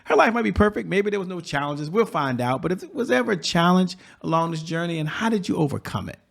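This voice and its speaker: A man's voice: high voice, expressive, quick pace, gravelly. A man hosting an interview show, upbeat and encouraging as he asks his guest questions. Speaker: podcast host.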